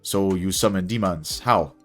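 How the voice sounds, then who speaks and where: Easygoing cabbie, Jamaican accent, chatty street talk, lifted voice, done by a deep-voiced man. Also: unhurried, fairly bright tone, faint music behind. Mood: curious. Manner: friendly, laid-back street talk. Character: easygoing male cab driver with a Jamaican accent.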